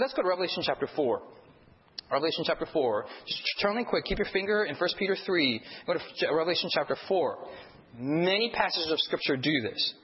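A man delivers a lively sermon, often throwing questions back at the congregation. His voice sits a bit high for a man. It sounds dull, and a long reverb trails behind it in a big church hall. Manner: lively, quizzes the congregation with call-and-response questions. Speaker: preacher. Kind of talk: sermon with storytelling.

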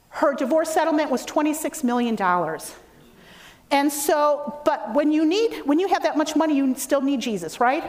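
A middle-aged woman giving a storytelling testimony in church, acting out the voices of the people she quotes. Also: high voice. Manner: storytelling with lively acted quotes. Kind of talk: testimony sermon.

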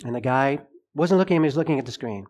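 A middle-aged man preaching a sermon, telling a personal story with lively acted-out dialogue. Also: medium pitch, rapid-fire. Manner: animated storyteller, acts out dialogue.

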